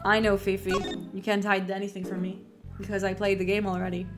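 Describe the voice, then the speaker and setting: A woman's voice: mid-range voice, little pitch movement, fairly quick. A woman streamer chatting while playing, trailing off and hunting for words. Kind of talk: let's-play commentary. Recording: loud game music behind.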